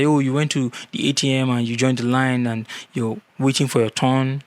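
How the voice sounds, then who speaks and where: A man's voice: medium pitch, level tone, normal speed, no room sound. A man giving earnest marriage advice in a casual vlog, repeating key words for emphasis.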